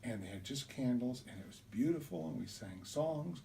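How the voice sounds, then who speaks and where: A man telling a childhood story in an animated way, acting out the voices, recorded on a distant mic with faint hiss. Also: medium pitch, normal speed, creaky. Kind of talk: told personal story.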